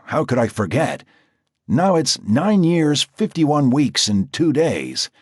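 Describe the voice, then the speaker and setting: A man's voice: a little high, big pitch swings, slow pace, a little mellow, breathy edge, no room sound, studio quality, voice pushed up, exaggerated voice. A man playing a crude, world-weary biker. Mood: gruff. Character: weary, tough male biker, blunt and crude. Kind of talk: audiobook character voice.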